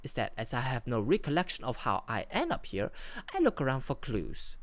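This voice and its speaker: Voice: medium pitch, wildly swooping pitch, brisk, dry recording. A VTuber from Malaysia, reading out and playing an interactive AI adventure story on a close streaming mic. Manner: storytelling, with rising and falling emphasis and small restarts. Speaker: VTuber host.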